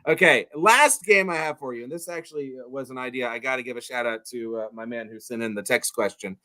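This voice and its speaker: A man hosting a casual comedy show, loud and laughing, saying y'all. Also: medium pitch, brisk. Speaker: podcast host. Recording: music in background.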